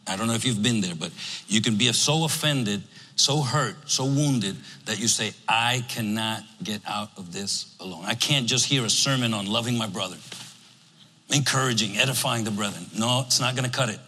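A man preaching a sermon in a church, animated and emphatic, acting out what his listeners might say. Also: fairly low pitch, normal speed. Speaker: pastor. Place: church sanctuary. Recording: long reverb of a church hall.

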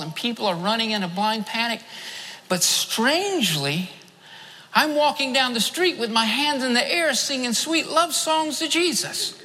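A man's voice: very high voice, sharp tone. A male preacher delivering a fervent sermon, repeating phrases for emphasis and telling a story from a dream. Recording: long hall reverb.

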